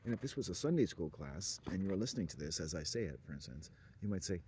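A man's voice: sits low, big pitch swings, fast, hardly any pauses, darkish tone, slight background noise. A man talking in a rambling, sardonic monologue, often laughing at his own jokes. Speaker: monologue speaker.

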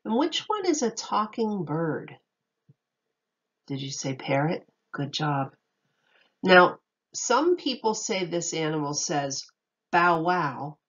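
A woman's voice: on the low side, sing-song, takes it slowly, long pauses, dull audio. A woman teacher reading a picture book aloud to children, patiently asking them questions and praising their answers.

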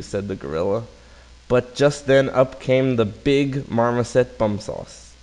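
A man's voice: medium pitch, unhurried, a little mellow, low-quality recording. A man reading a silly fill-in-the-blank fairy tale aloud in a casual storybook manner.

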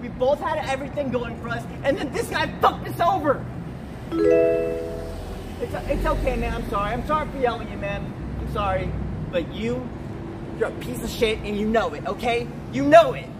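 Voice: medium pitch, normal speed, far from the mic, loud music behind the voice. A person heckling a streamer outdoors, ranting in a heated, sarcastic, swearing way. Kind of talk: mock-angry trolling rant. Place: outdoors on a city street.

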